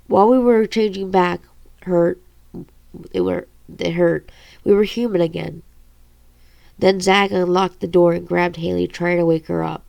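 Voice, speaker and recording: A woman reads her own novel aloud, stumbling and correcting herself as she goes. Her voice is low and gravelly. The recording is dry and close, with no room echo. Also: dark tone. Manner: halting, with stumbles and self-corrections.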